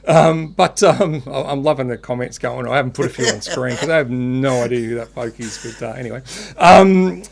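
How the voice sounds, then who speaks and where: A man's voice: medium pitch, brisk, gravelly. A middle-aged Australian man co-hosting a podcast, rambling and laughing through his stories and jokes in casual banter. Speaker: podcast co-host. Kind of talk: casual banter, telling a dad joke.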